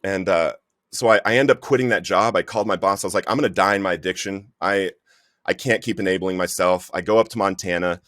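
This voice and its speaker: Podcast guest, male, low-pitched voice, earnest storyteller, dry close sound. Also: fast talker, a bit bright, no echo. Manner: earnest storytelling, says "bro" often. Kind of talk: personal recovery story.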